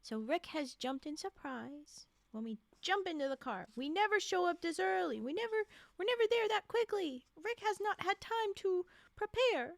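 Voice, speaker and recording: A high-pitched woman reads a story aloud on stream, stopping often to react and argue with the characters in a chatty, animated way. Her voice is bright and high, and the recording sounds dry and close, with no room echo. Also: normal speed, creaky, few pauses. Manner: chatty, reacts loudly and talks back to the characters. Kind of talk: reading a story aloud with live commentary.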